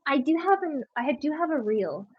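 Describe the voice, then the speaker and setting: A woman's voice: sits high, sing-song, normal speed, dry recording. A young woman of Puerto Rican background, a guest on a casual livestream, who rambles and packs her speech with filler words. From Puerto Rico. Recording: dull, dry lo-fi mic.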